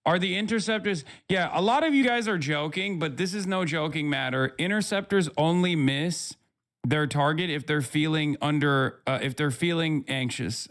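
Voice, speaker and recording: A man's voice: on the high side, a bit bright. Sarcastic, profane male livestreamer. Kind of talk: live-stream commentary answering chat.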